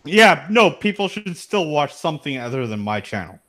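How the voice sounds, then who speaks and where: A streamer in a casual group chat, joking and swearing freely. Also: male voice, a little high, very animated, normal speed, fairly bright tone. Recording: noisy online call audio.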